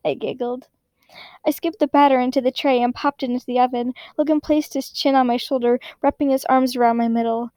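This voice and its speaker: A woman reading fan fiction aloud in a soft, expressive storytelling manner. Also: sits high, moderate pace, clear, resonant tone, no echo. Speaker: reader.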